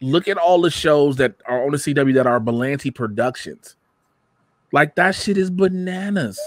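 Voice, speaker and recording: A young adult man hosting a casual podcast chat, animated and profane, breaking into shouted mocking quotes. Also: fairly high pitch, moderate pace, no room sound, studio quality. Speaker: podcast host.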